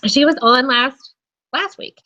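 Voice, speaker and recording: A woman's voice: sits high, unhurried, pushed and bright. A woman from North Carolina hosting an online interview in casual chat, laughing often and rambling a little. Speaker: interview host.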